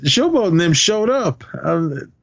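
A man's voice: sits high, very animated, measured pace, creaky, lo-fi sound. A man casually recapping a comedy film on a podcast, laughing often and acting out quoted lines. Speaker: podcast co-host. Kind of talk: casual movie recap chat.

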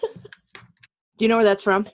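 A woman's voice: mid-range voice, level tone, slow. A middle-aged woman hosting a comedy podcast, chatting and joking with a guest, laughing often. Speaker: podcast host. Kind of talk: casual comedic chat.

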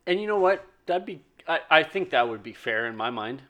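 A man's voice: a little high, expressive, fairly quick, a bit bright. A man co-hosting a casual chat, reasoning things through and often repeating words as he starts. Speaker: podcast co-host.

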